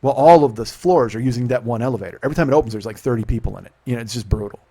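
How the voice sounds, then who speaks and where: A middle-aged man, a podcast host, telling a profane, animated story in casual talk and acting out the dialogue. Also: medium pitch, very fast, husky.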